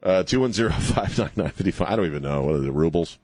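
A man's voice: sits low, lively intonation, quick pace, a little mellow, breathy edge, dry recording, studio quality. A man hosting a talk radio show, rambling and sarcastic, laughing at his own jokes. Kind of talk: casual talk radio banter.

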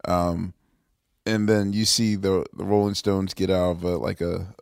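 Brief: American man, casual host, mid pitch, hesitant while recalling, dry. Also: level tone, unhurried, creaky, a little mellow, clear, resonant tone, no room sound. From United States. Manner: conversational, hesitant fillers when recalling details. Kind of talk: casual chat.

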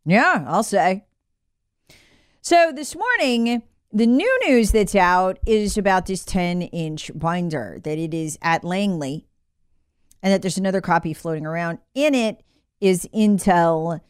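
A woman's voice: lowish voice, animated, measured pace, smooth, dry recording, clean studio sound. A woman hosting a political commentary show, talking in a sarcastic, opinionated way. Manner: sarcastic, mocks figures in put-on voices.

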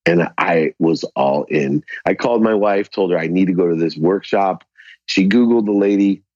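A man being interviewed as a podcast guest, animated as he tells a story and acts out the dialogue. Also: low-pitched, normal speed, no echo, highs cut off.

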